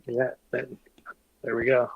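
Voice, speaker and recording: A man's voice: medium pitch, completely flat delivery, a little slow, creaky, phone-quality sound, crowd noise. A man co-hosting a casual livestream chat, swearing freely and laughing as he tells stories. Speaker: livestream co-host.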